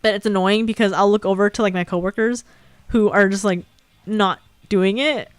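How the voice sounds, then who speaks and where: A woman's voice: medium pitch, fairly even intonation, normal speed, clean tone, no echo. Giggly Californian woman, dry sound. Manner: rambling, giggly, lots of "like". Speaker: streamer. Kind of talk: casual chat.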